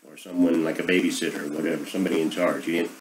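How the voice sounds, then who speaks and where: A man's voice: very deep voice, level tone, racing, slight background noise, poor audio. A middle-aged man hosting a casual monologue, rambling and sarcastic as he airs his opinions. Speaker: podcast host.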